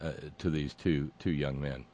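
A man hosting a sarcastic political commentary monologue, mocking and meandering with frequent pauses and restarts. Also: rumbling low, steady tone, mellow, muffled recording, slight background noise.

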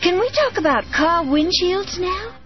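A woman voicing a cheerful female bug with a light Southern accent in an advertisement. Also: measured pace. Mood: chirpy. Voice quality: squeaky, high and lively. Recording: dull lo-fi audio with music behind.

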